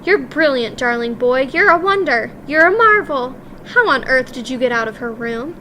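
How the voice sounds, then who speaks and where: A woman's voice: sits high, expressive, moderate pace, a little hiss or hum. A woman voicing a loving, worried old grandmother who speaks tenderly. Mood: relieved. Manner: warm, doting and tender.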